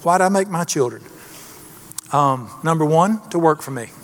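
A man's voice: on the high side, lively intonation, moderate pace, a little hiss or hum. A middle-aged man preaching a sermon in a folksy, emphatic way, asking the congregation questions. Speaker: pastor.

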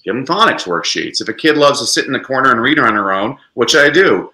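An expressive man talking as an interview guest. His voice swoops widely up and down, with a bright edge. The room around him rings with echo. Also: fast talker. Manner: lively, expressive, sweeps into high pitch for emphasis. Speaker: podcast guest, educator. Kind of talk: animated interview talk.

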